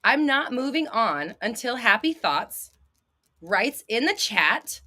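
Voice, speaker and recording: A woman hosting a live stream as a manifestation coach, talking bluntly and sassily with plenty of swearing, sometimes flaring into a shout and then laughing it off. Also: on the high side, sing-song, takes it slowly. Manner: blunt, profane and sassy. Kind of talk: live-stream advice talk.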